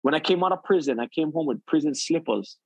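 Man, Hawaiian Pidgin accent, husky, slightly high voice, dry close sound, animated storyteller. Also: fast talker, no echo, poor audio. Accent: Hawaiian Pidgin English. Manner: lively, acts out quotes, says "bro" often. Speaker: guest, recovery speaker.

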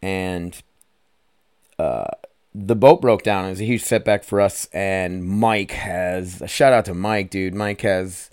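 Low-voiced host with a smooth, dry voice. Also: male voice, slow, a little mellow, no echo. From United States. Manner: rambling, swears often, calls listeners "you guys". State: emotional, choked up. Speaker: podcast host. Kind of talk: casual solo podcast monologue.

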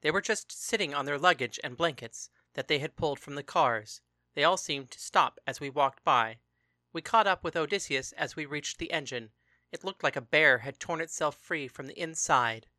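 A narrator reading a story aloud in a calm, even, first-person manner. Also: medium pitch, no room sound, clean studio sound. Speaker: audiobook narrator.

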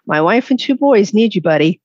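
A woman's voice: mid-range voice, expressive, brisk, husky, no room sound, muffled recording, pitched above the performer's own voice. Woman reading as a grieving husband in heaven. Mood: sorrowful. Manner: soft, pleading storybook read-aloud. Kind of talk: reading aloud from a book.

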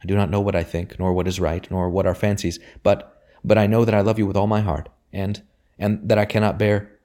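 A man reading the lines of a serious, tender young woman in a historical novel audiobook, soft and faltering. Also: lowish voice, little pitch movement, a little fast, natural voice.

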